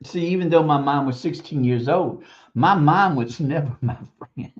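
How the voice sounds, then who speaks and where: A teacher who hosts a stream speaks in a middle-pitched voice at normal speed, giving casual, preachy advice about raising kids. She leans on repeated words for emphasis and chuckles every so often. The sound is muffled, like a lo-fi stream recording.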